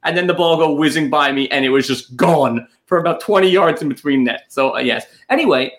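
A man co-hosting a podcast, telling an anecdote in a casual chat with an animated, indignant manner. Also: a little high, fairly quick. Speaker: podcast co-host.

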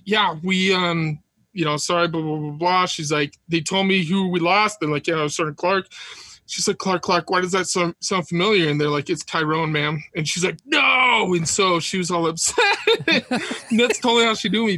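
A man telling war stories as a podcast guest, animated, laughing often and acting out quotes. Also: high voice, no room sound. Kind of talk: casual storytelling.

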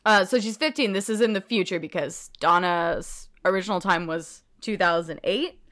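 A woman's voice: fairly low pitch, moderate pace, a bit bright. A woman co-hosting a podcast in casual chat, recapping an episode at length and laughing often as she goes. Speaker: podcast co-host.

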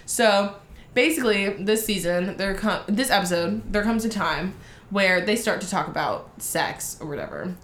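A woman's voice: on the low side, a bit bright, a little hiss or hum. Profane gossipy woman in echoey room. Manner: profane, gossipy, acts out quotes. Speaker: podcast co-host. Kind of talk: casual chat, storytelling.

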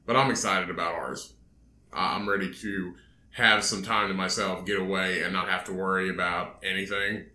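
A man's voice: sits low, steady tone, moderate pace, bright, forceful tone, echoey room. A man co-hosting a casual podcast, rambling with repeated words and joking asides. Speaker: podcast co-host.

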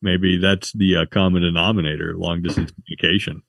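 A man hosting a casual podcast conversation, speaking haltingly as he searches for words. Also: low-pitched, steady tone, gravelly, a bit bright, no echo, clean studio sound.

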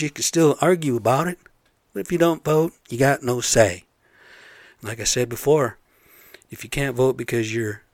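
A man talks in a loose, rambling monologue, swearing often and checking in with "right?" His voice sits at an ordinary middle pitch. The recording is close and dry, with no room sound. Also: dry recording. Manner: rambling, blunt and profane, asks listeners "right?". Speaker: vlog host. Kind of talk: casual profane monologue.

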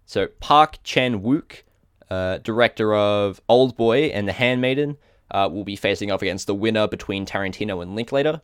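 A man's voice: lowish voice, normal speed, clear, resonant tone, no echo, clean studio sound. A man with an Australian accent co-hosting a casual podcast, reading out a list and stumbling over hard names with small self-corrections. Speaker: podcast co-host.

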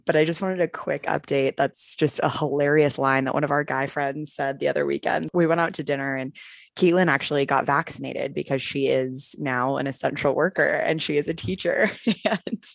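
A young woman from California chats on her podcast in a low, gravelly register. She is bubbly and quick to laugh, and she tells stories in a croaky voice. The sound is dry and close on a corded headphone mic. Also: fairly even intonation, no room sound. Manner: bubbly, laughs often, chatty storyteller. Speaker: podcast co-host. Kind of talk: casual chat.

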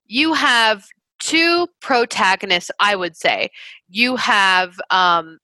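A woman's voice: mid-range voice, animated, takes it slowly, pushed and bright, dry recording. A young woman co-hosting a podcast, summing up a movie with sardonic jokes and laughter. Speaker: podcast co-host. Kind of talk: casual chat.

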